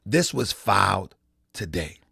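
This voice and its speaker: A man's voice: low-pitched, animated, slow pace, gravelly, pushed and bright, husky, no echo, studio quality. A man hosting a live stream in a casual, repetitive style, talking straight to his chat. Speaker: live-stream show host.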